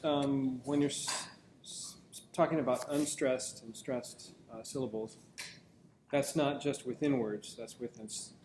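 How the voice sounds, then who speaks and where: A man's voice: medium pitch, steady tone, unhurried, a little mellow. Man, student question, hesitant restarts, room echo. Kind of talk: asking a question in class. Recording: roomy classroom recording with hiss.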